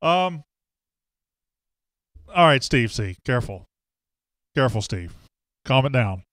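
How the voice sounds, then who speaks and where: A man's voice: medium pitch, sing-song, slow, fairly bright tone, no echo. Chatty man hosting sports talk. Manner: rambling, self-deprecating, reads viewer comments aloud. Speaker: sports show host. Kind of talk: casual live-stream sports talk.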